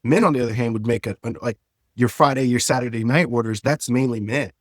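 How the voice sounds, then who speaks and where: A man's voice: mid-range voice, quick pace, no room sound, studio quality. A man speaking as an entrepreneur guest on a podcast, talking earnestly and eagerly. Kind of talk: casual interview chat.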